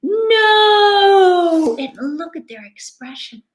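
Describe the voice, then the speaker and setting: A teacher reads a children's picture book aloud, taking her time, her high voice swooping with expression. She's animated and interactive, letting out dramatic gasps and inviting listeners to join in, and the recording sounds echoey and roomy.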